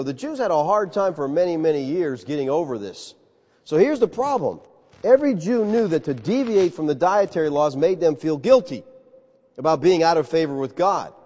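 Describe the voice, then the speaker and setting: A man preaching a sermon in an animated, conversational way, calling his listeners folks. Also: on the high side, moderate pace. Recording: reverberant hall, slightly dull sound.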